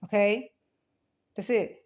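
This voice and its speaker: A woman's voice: mid-range voice, steady tone, slow, darkish tone. A woman giving a rambling, defensive account of a dispute, swearing often and restarting her sentences.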